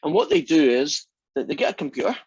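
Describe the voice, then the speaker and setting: A male instructor lecturing to a class in a chatty, joking way. His voice is a little husky, and the recording sounds dry and dull, like lo-fi classroom audio. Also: fairly high pitch, very animated, fast, a little mellow, dry recording. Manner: chatty, tells jokes with asides. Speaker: math instructor.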